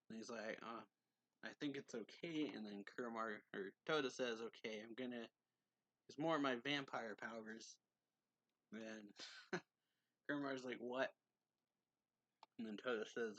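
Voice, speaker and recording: A man's voice: mid-range voice, normal speed, long pauses, fairly bright tone, dry recording. A man recapping a manga chapter in a casual way, reading characters' lines aloud with a slight lift and laughing often. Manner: reads quotes in a slightly raised voice, laughs often. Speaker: manga reviewer.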